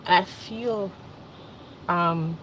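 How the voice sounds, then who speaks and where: A woman's voice: fairly low pitch, very slow, a bit bright, a little hiss or hum. A young adult woman talking in a casual, rambling vlog, emotional and laughing now and then. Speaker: vlogger. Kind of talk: casual spiritual vlog monologue.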